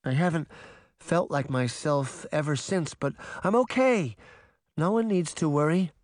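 A man's voice: on the high side, measured pace, no room sound, clean studio sound, voice pushed up, natural voice. A man voicing a stubborn young girl who brushes off everyone's worry. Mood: insisting.

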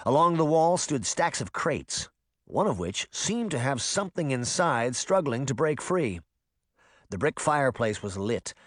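Expressive male audiobook narrator. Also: mid-range voice, dry recording, studio quality. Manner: expressive, dramatic storytelling.

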